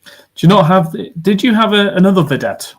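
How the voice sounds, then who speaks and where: A man's voice: high voice, expressive, a little fast. Rambling man, casual beer chat. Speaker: podcast co-host. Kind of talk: casual chat over beers.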